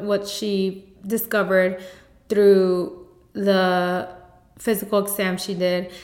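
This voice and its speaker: A woman hosting her own podcast, telling her personal story with candid emotion and speaking straight to her listeners. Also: mid-range voice. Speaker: podcast host. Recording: echoey room.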